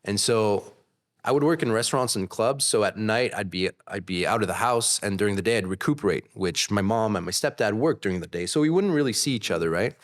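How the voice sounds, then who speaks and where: A man in his thirties with a lowish voice tells a personal story as a podcast guest, speaking a little fast. He's candid and animated in casual talk, acting out other people's voices.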